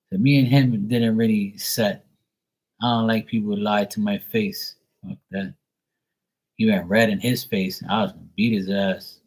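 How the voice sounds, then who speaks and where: Low-voiced male host, casual, profane storyteller. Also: moderate pace. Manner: profane, rambling, animated. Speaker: tarot reader, show host.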